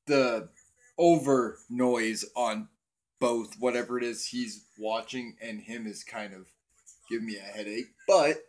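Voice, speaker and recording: A man's voice: medium pitch, a little slow. A young man hosting a casual livestream on his cell phone, rambling and swearing as he talks to viewers in chat. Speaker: livestream host.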